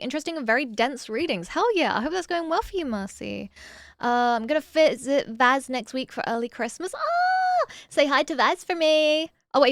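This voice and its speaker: A woman streaming casually, reading viewer messages aloud and answering them with bursts of excitement. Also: high voice, no room sound, studio quality.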